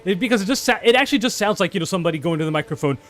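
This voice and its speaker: An excitable man chats through a let's play, his fairly high voice leaping up and down. He rambles, restarts his sentences and swears freely. Faint music plays underneath. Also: rapid-fire. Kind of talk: casual gameplay chat.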